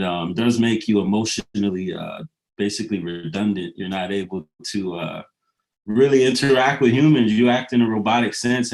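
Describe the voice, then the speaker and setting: A man who raps talks in a casual, rambling monologue. He swears freely and drifts between loose jokes and philosophical musings, with plenty of fillers along the way. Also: on the low side. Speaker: rapper.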